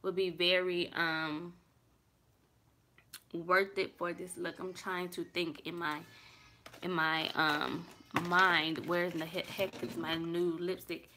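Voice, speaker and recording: A woman's voice: lowish voice, flat delivery, slow, sharp tone. A young woman chatting casually through a makeup tutorial in her bedroom, talking to viewers and thinking aloud as she works. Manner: chatty, talks to viewers as y'all, thinks aloud while working. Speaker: beauty vlogger. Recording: clear background noise.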